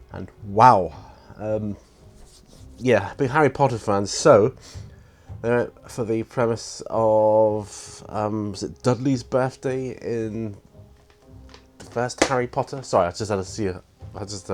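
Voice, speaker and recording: A man's voice: fairly low pitch, measured pace, soft background music. A man, chatting enthusiastically and ramblingly with many fillers in a casual unboxing vlog. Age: 50s. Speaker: hobby vlogger.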